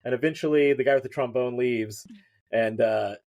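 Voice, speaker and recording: A man's voice: medium pitch, moderate pace, a little mellow. A man, a writer guest on a podcast, telling a story in casual chat, rambling with fillers and restarts.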